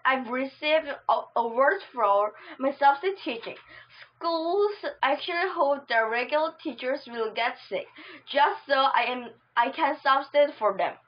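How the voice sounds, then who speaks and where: A stern female substitute teacher, indignant and proud, as a woman reader gives her. The voice sits high, and the home recording sounds dull and muffled. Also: animated, a little slow. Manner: haughty, indignant.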